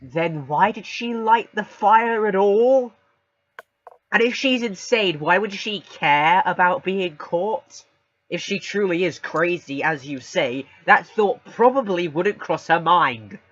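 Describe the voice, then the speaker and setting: Slow, teasing tabletop player. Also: mid-range voice, expressive, fairly bright tone, lo-fi sound. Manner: joking, teasing. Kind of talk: casual tabletop game play.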